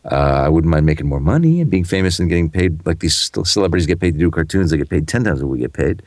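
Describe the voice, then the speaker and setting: A middle-aged man who works as a voice-over announcer, telling stories fast and animatedly in a casual podcast chat, with some swearing. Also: low-pitched, no room sound, studio quality. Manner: rapid, animated storytelling with expletives.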